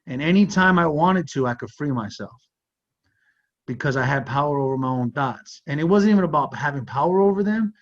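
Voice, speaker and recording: A man's voice: a little high, animated, fairly quick. A man hosting a talk show, sharing a personal story in an earnest conversational way, with frequent "like" and "you know". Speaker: podcast host. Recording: slightly muffled audio.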